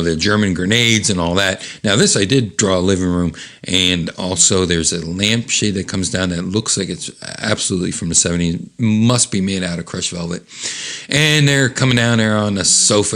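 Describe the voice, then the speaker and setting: Rambling low-voiced man reading comics aloud. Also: moderate pace, fairly bright tone. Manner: rambling, chuckling, many fillers. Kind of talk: casual rambling read-aloud commentary.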